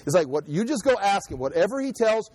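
A man giving conversational Bible teaching in an animated, joking way, acting out quotes and often restarting his sentences. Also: high voice, quick pace. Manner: animated, jokey, acts out quotes, frequent restarts. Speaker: preacher.

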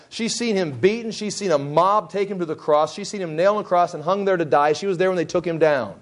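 A man teaching a Bible passage in a conversational way. He retells the story in his own words with restarts and briefly acts out what the people said. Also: sits high.

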